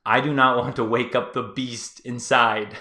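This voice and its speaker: A man's voice: mid-range voice, steady tone, measured pace, pushed and bright, roomy sound. A man hosting his own online channel, giving loose, conversational advice to viewers with lots of fillers. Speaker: YouTube channel host. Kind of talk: casual advice monologue to viewers.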